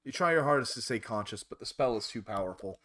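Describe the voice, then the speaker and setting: A man's voice: fairly low pitch, quick pace. A man streaming a visual novel, reading its narration aloud. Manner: expressive narration. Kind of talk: reading game text aloud.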